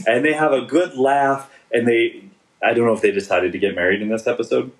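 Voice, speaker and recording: A man's voice: medium pitch, steady tone, a little fast, low-quality recording. A man in his forties co-hosting a podcast, chatting casually and joking as he rambles through a TV episode with lots of restarts. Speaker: podcast co-host. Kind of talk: casual chat reviewing a TV episode.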